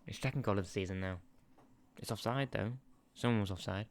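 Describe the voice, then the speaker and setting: A man's voice: lowish voice, fairly quick, slight background noise. A man giving casual, chatty commentary over a football management game, easily distracted, laughing and swearing as he talks into a sensitive desk microphone. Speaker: gaming channel host.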